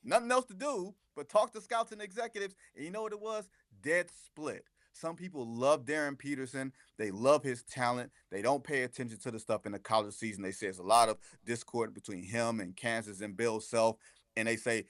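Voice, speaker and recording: A man talking as a guest basketball reporter on a sports radio show, animated and sarcastic, with strong emphasis. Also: mid-range voice, fairly quick, no echo, studio quality.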